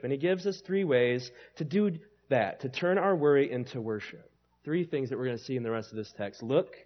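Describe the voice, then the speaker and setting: A male pastor preaching a sermon in an emphatic, conversational way that leans on rhetorical questions, in a slightly dull recording. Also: a little high.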